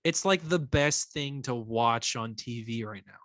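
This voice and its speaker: A man's voice: medium pitch, a little slow, fairly bright tone, no echo, studio quality. A man co-hosting a podcast, chatting casually and enthusiastically, often restarting his sentences. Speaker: podcast co-host. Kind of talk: casual chat.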